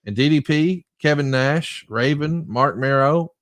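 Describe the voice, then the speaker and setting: A man co-hosting a podcast, briskly recapping wrestling matches in a lively, storytelling way. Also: fairly high pitch, no echo. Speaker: podcast co-host. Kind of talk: casual podcast chat.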